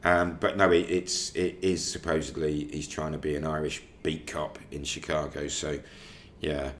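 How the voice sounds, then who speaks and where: Deep-voiced man musing about films. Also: moderate pace. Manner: musing, digressive, animated when riffing. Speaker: podcast co-host. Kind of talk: casual film discussion.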